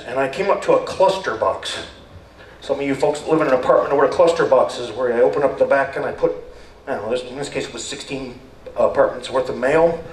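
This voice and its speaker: An older man doing rambling, deadpan stand-up storytelling on a stage. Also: mid-range voice, slight background noise. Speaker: stand-up performer. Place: stage at a community talent show. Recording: echoey hall, voice far from mic, faint ambience.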